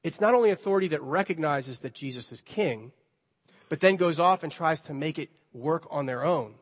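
A man with a high voice preaches in a church sanctuary. His delivery is conversational and lightly playful, and he slips into the dialogue of the people in his story. The hall gives his voice a long reverb. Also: animated, normal speed. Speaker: pastor. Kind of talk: sermon.

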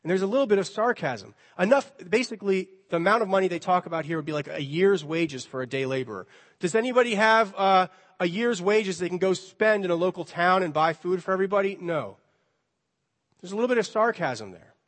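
A man's voice: sits high, expressive, fairly quick, long reverb tail. A male pastor preaching a sermon in a conversational way, now and then acting out the dialogue with a light touch. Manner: conversational, playfully acts out dialogue.

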